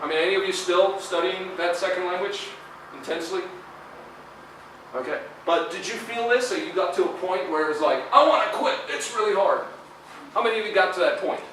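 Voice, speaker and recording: This middle-aged man speaks briskly in a high, slightly bright voice, with a little background noise. He's a guest lecturer in a lecture hall giving a chatty career talk for university students, heavy on fillers and tag questions, captured from a distance in an echoey room.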